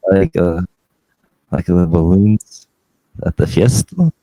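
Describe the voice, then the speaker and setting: A male podcast co-host with a very low, dark voice, speaking slowly. He gives short, deadpan answers and laughs easily. The sound is dry and close. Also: no echo, poor audio. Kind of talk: casual comedic chat.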